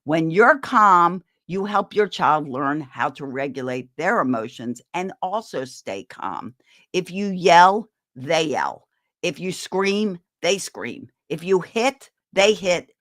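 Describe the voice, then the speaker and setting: A woman giving a live-streamed parenting talk, animated and encouraging as she leads the audience in a laughter exercise. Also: lowish voice, takes it slowly, dry recording, clean studio sound. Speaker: parenting speaker.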